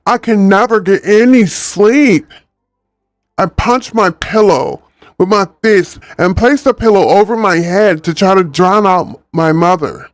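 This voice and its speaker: A man's voice: sits high, a little slow, dry recording, clean studio sound, soft background music. A man chatting and reading a book aloud on a livestream, laid-back and ad-libbing. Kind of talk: casual livestream story reading.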